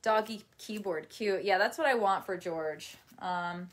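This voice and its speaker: Her voice sits in the mid range and moves at a measured pace. Folding laundry at home, this chatty woman runs a casual live stream, drifting loosely between thoughts with frequent laughter and occasional pauses to speak to her dog.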